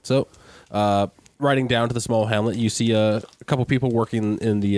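A man narrating a tabletop game as game master, halting and correcting himself often. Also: fairly low pitch, darkish tone, no room sound. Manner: halting, many fillers and restarts.

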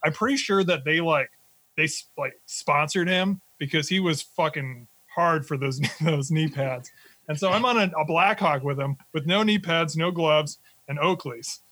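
Young veteran guest, slightly high voice, dry sound, swears freely while telling stories. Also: male voice, normal speed, no room sound. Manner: animated, profane storytelling. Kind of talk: casual podcast chat.

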